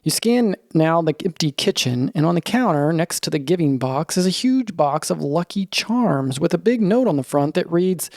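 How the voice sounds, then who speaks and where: A man narrating a scripted children's story in the second person, in a lively storytelling manner. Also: a little high, normal speed, few pauses, no room sound, studio quality.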